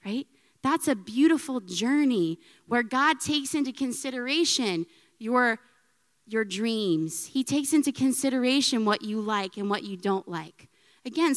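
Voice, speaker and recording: Woman, 30s, speaker at a faith talk. Smooth, higher voice, conversational testimony, reverberant hall. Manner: chatty, frequent "right?" tags, laughs often. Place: church hall with audience.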